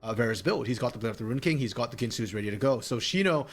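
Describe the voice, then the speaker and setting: A man's voice: medium pitch, lively intonation, a little hiss or hum. A man giving esports colour commentary, breaking down items and players in an analytical way. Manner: analytical, quick, chuckles often. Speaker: colour caster.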